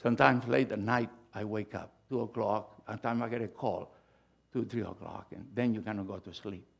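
A middle-aged male pastor preaching a sermon, swinging from loud, emphatic bursts to hushed asides. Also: fairly low pitch, steady tone, a little fast, creaky, slightly rough.

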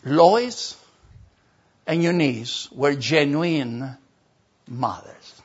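An older man, a pastor telling a story in a sermon, animated and acting out voices. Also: a little high, moderate pace, vocal fry, slightly rough. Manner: animated, acts out voices and laughter. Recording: dull lo-fi sermon recording.

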